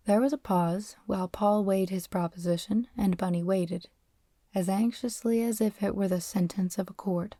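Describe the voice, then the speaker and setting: A woman narrating a novel as an audiobook, reading in a steady, expressive way. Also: medium pitch, moderate pace, no echo, studio quality.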